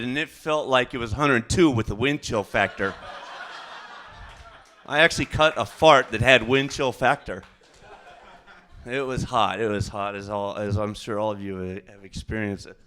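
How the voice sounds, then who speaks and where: A man doing a stand-up comedy set, rambling and halting, with fillers and self-corrections. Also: mid-range voice, pushed and bright, clear, resonant tone.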